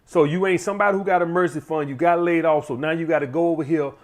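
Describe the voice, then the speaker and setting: A man's voice: fairly high pitch, fairly even intonation, racing. A man hosting his own channel, giving blunt, profane money advice in a casual monologue and often turning to the audience as "guys.".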